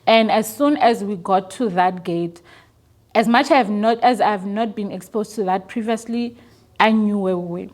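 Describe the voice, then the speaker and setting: A woman's voice: mid-range voice, normal speed, darkish tone. Young woman, interview guest, earnest and emotional storytelling. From South Africa. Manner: earnest, emotional, repeats words when moved.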